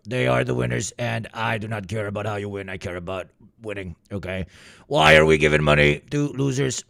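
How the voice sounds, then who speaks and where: A gravelly old president brags in short, blunt, repeated phrases, as a man puts him on. The voice sits a bit higher than the speaker's own and punches hard on each line. It is recorded dry and close. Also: a bit bright, dry recording. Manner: blunt, repetitive bragging. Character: blustering boastful old male president.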